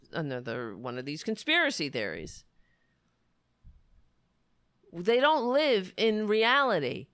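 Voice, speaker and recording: Indignant woman ranting, bright animated voice. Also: mid-range voice, clear, resonant tone, no room sound, clean studio sound. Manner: indignant, profane, halting restarts. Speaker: vlogger reacting to a news clip. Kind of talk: angry reaction rant.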